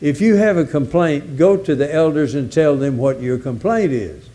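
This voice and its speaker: A man's voice: fairly high pitch, expressive, moderate pace, dark tone. A man preaching a sermon in a folksy, emphatic way, repeating key words for weight. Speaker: visiting preacher.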